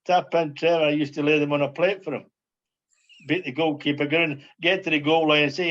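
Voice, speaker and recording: A man's voice: a little high, fairly even intonation, fairly quick, fairly bright tone, muffled recording. An older man, a former footballer, reminiscing as a podcast guest in a rambling way, repeating phrases and asking "you know what I mean". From Scotland. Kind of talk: casual reminiscing chat.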